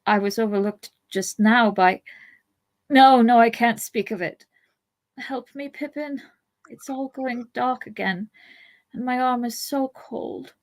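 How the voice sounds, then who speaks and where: A woman voicing a wounded young male hobbit who speaks haltingly and trails off. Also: a little high. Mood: frightened. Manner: faltering, trailing off.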